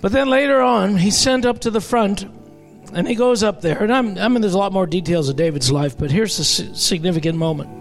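Guy preaching, real high voice, bit gravelly, chatty with little jokes thrown in. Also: brisk, soft background music. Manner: conversational with joking asides. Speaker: pastor. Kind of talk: sermon.

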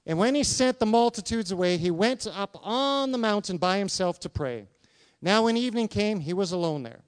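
A man with a high, crisp voice preaches a sermon. He reads scripture and keeps asking his listeners questions, acting out the quotes with animated emphasis. The sound is close and dry. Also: moderate pace, dry recording. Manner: animated, talks to congregation with questions, acts out quotes. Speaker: pastor.

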